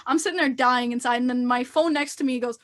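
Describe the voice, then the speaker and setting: A young woman guest on a podcast, telling stories in an excitable, giggly way. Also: high voice, fast. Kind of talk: casual chat.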